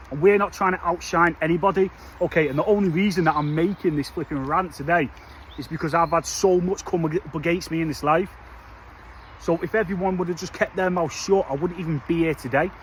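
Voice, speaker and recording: A man's voice: high-pitched, a bit bright, slight background noise, low-quality recording. A man giving a passionate, blunt motivational rant to his viewers, filling it with slang and calling them lad and mate. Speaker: vlogger.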